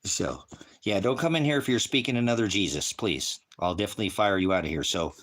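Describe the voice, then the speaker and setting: Fast and fairly bright despite a fairly low pitch, this voice belongs to an American man preaching online. He confronts and insults people in his livestream chat, cursing and circling back over the same points.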